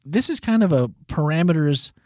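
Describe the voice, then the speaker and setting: A man's voice: on the high side, lively intonation, normal speed, a little mellow, no room sound, studio quality. A man co-hosting a church talk show, reading listener questions and agreeing with short affirmations. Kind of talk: casual chat.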